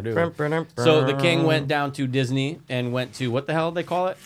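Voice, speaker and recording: A man's voice: a little high, normal speed, a crowd in the background. A man co-hosting a podcast in casual chat, teasing, swearing and laughing often. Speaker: podcast co-host.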